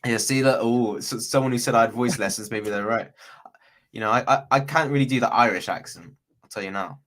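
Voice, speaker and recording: A man's voice: medium pitch, a little fast, fairly bright tone. A man hosting a casual true crime livestream, chatty and rambling, often correcting himself as he goes. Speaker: true crime stream host.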